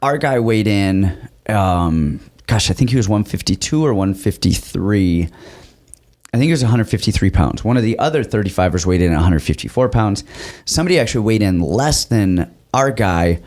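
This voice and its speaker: A man with a fairly low voice chats casually on a podcast. He tells rambling, self-deprecating stories from his fighting days and laughs often along the way. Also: lively intonation, normal speed, a little mellow. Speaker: podcast host and former fighter. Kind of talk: casual chat.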